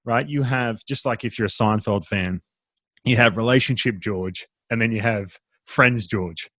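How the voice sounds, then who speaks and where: A man's voice: lowish voice, unhurried, no echo. A man, co-hosting a podcast and telling a story in casual chat, acting out his friends in a raised voice. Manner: animated, acts out quoted friends in a raised voice. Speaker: podcast co-host.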